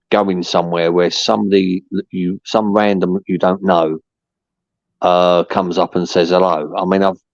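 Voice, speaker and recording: A man's voice: deep voice, darkish tone, no echo, muffled recording. A man chatting casually as a podcast guest, rambling with plenty of fillers. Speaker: podcast guest, merchandise seller. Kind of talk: casual chat.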